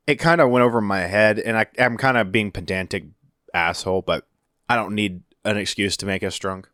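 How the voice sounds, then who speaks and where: A man co-hosting a casual podcast, excitable and swearing freely as he calls drinking shots. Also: lowish voice, fairly quick, dry recording, clean studio sound. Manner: profane, excitable, cheering and calling shots. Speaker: podcast co-host.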